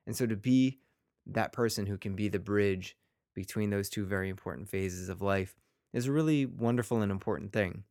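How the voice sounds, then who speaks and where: A man's voice: lowish voice, moderate pace, darkish tone, no room sound, clean studio sound. A man, a teacher hosting his own podcast, talking casually and rambling a little, with self-deprecating asides and playful quotes of his students.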